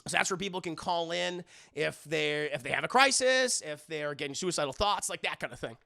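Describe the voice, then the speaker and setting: Excitable profane streamer man, gravelly. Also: fairly high pitch, fairly quick. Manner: excitable, profane, full of fillers, addresses chat constantly. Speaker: livestreaming film reviewer. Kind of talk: casual scene-by-scene recap to live chat.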